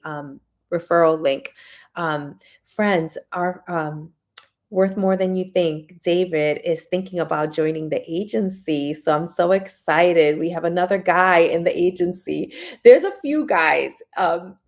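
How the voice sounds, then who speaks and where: A woman hosting a casual livestream, chatting warmly and reading viewer comments aloud. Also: fairly low pitch, gravelly. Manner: frequent fillers and restarts. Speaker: livestream host.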